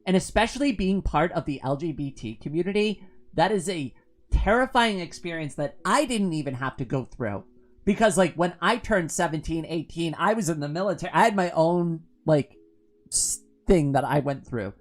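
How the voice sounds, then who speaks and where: Rambling woman streamer, lowish voice. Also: lively intonation, normal speed. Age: 40s. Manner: rambling, heavy use of "like", laughs often. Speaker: live streamer. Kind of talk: casual chat reading viewer comments.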